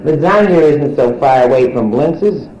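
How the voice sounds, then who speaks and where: The sound is lo-fi: an older stand-up comedian with a deep voice and lively intonation, speaking at normal speed. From a nightclub stage she brassily banters with the crowd in bawdy fashion, using a handheld steel mic, the live club recording roomy and full of audience.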